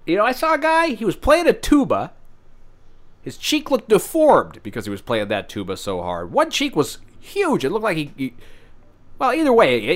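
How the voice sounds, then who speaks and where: Man, comedy host, lively swooping pitch, rambling, stammering, provocative. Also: moderate pace. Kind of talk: improvised comedy banter.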